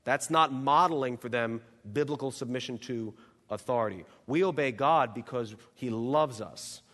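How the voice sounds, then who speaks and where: A man's voice: medium pitch, normal speed, a bit bright. A man preaching a sermon in an earnest, emphatic way, working through numbered teaching points. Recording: long hall reverb.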